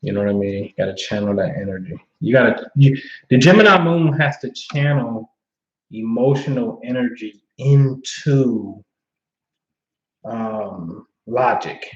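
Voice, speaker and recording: On his astrology livestream, a man speaks at a measured pace in a middle-pitched voice while going through viewer comments. He keeps it casual and slangy, regularly checking in with "you know what I'm saying." The home-style audio is somewhat roomy and muffled.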